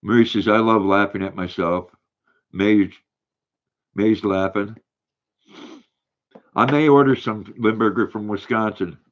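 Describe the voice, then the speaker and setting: An older man, hosting a casual livestream, rambling and halting as he reads viewer comments aloud. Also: on the low side, steady tone, lo-fi sound. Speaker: livestream host reading chat.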